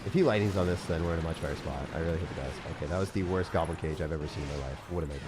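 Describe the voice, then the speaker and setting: A man's voice: very deep voice, very fast, noisy background. A young man streaming a game live, joking at his own expense and answering chat. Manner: self-mocking, jokey, reads and answers chat.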